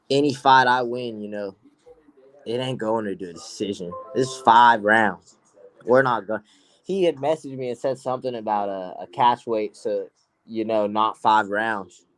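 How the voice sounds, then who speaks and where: A man, a guest pro fighter, trash-talking brashly and profanely in a casual podcast chat on a close mic. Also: medium pitch.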